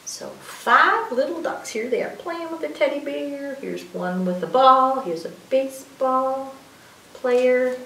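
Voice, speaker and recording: A woman reads aloud at a children's story time, her high voice leaping up and down as she sounds out letters and asks the little ones questions. She takes her time, drawing words out in a sing-song way. The mic sits back from her in an echoey room, with a faint hiss underneath. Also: takes it slowly, gravelly, recorded from a distance. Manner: sing-song, expressive, coaxing questions to young listeners. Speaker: children's librarian reading aloud. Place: library room.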